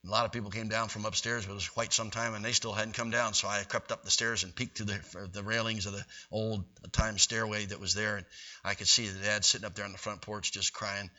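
Fast, bright-voiced folksy preacher. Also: male voice, on the low side. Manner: folksy, animated storytelling. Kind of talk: sermon storytelling. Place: church. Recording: dull, distant recording.

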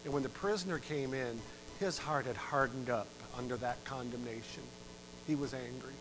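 A middle-aged man preaching a sermon, telling a story with dramatic rises in volume and sudden drops to a hush. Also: normal speed, music in the background, low-quality recording. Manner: dramatic, swells loud for emphasis and drops low. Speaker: pastor.

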